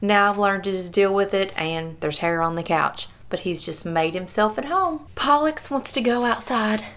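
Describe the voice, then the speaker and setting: A woman's voice: mid-range voice, moderate pace, fairly bright tone. A woman, chatting affectionately to the camera about her dog and sometimes talking to him. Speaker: vlogger. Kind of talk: casual vlog narration about her dog.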